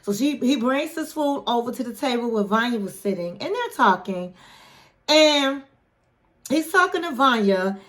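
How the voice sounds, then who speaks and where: Animated high-voiced woman hosting a recap. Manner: animated, playful, drawn-out flourishes. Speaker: YouTube host reviewing a reality show. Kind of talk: casual chatty recap.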